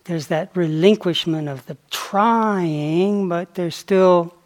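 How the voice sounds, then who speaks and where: Slow, reflective male meditation teacher. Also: high-pitched. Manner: slow, reflective, with pauses and playful asides. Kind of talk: dharma talk on retreat.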